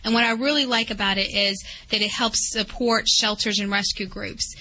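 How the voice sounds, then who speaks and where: Bright-voiced Southern woman vet. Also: mid-range voice, steady tone, moderate pace, low-quality recording. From West Virginia. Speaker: veterinarian guest. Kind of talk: phone-in interview.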